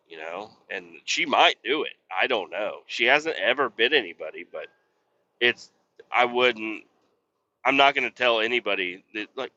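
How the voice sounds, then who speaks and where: A man's voice: on the low side, lively intonation, normal speed, sharp tone, muffled recording. A man hosting a podcast, rambling and cussing his way through casual stories while driving a truck. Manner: rambling, profane, laid-back storytelling. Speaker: podcast host. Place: truck cab on the road.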